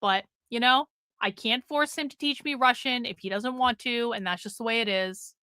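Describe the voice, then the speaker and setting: A woman's voice: on the high side, normal speed, bright, forceful tone, smooth, no echo. A middle-aged woman hosting a casual livestream chat, blunt and swearing freely. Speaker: livestream host.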